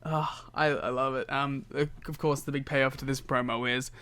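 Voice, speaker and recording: A man's voice: mid-range voice, level tone, moderate pace, bright, forceful tone, smooth. A young adult man co-hosting a podcast, chatting casually and playfully about wrestling and joking with his co-host. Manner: playful, jokey, laughs often. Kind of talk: casual chat recapping wrestling shows.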